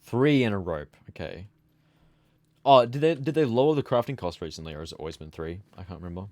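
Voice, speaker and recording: A man's voice: medium pitch, big pitch swings, a little fast, a little mellow, dry recording. A sleepy young man streaming a game, chatting casually and rambling as he trails off into mumbles. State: sleepy, yawning. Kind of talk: casual gameplay chat.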